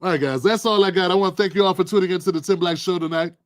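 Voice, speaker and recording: A man hosting his own political commentary livestream, talking in an animated, preachy, colloquial way. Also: high-pitched, very fast, no room sound. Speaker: livestream host.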